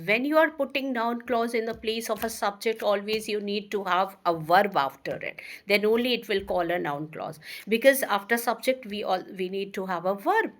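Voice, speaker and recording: A woman with a slightly high, sharp-toned voice teaches an English grammar lesson. She reads the example sentences slowly and with emphasis, using some fillers and restarting now and then.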